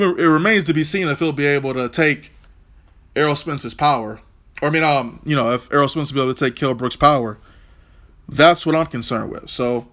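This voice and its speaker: A man vlogging about an upcoming boxing fight in a loose, rambling way, full of swearing and trash talk. His voice sits a little high and has a sharp, forceful edge. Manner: profane, trash-talking, rambling. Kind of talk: casual fight-preview rant.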